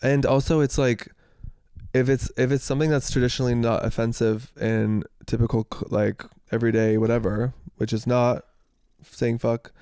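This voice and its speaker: Gravelly-voiced male podcast co-host. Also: mid-range voice, normal speed, dry recording, studio quality. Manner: animated retelling, acts out others' lines. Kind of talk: casual storytelling chat.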